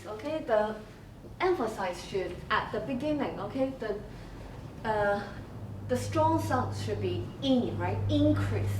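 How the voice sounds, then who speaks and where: Slow, roomy-sounding woman teacher. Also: fairly high pitch, noisy background. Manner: slow, explanatory, checks in with frequent okay. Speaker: English teacher. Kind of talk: classroom lesson recording. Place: school classroom. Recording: roomy classroom, from a distance.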